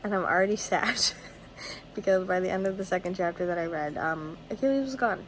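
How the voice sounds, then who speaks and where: A woman's voice: on the low side, brisk, slight background noise. A young woman vlogging about a book in a casual video diary, rambling and gushing with lots of fillers and restarts.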